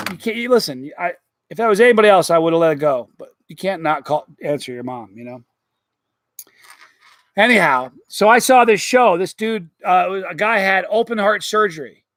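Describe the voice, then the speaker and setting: A middle-aged man hosting a casual live stream, rambling through stories and chatting with viewers in an animated way. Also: high-pitched, dry recording.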